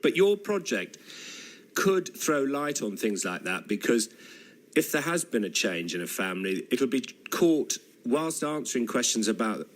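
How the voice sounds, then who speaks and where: A male radio presenter asks probing questions in a relaxed, conversational way. His voice sits at a middle pitch and moves animatedly up and down as he talks. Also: a little slow. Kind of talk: radio interview.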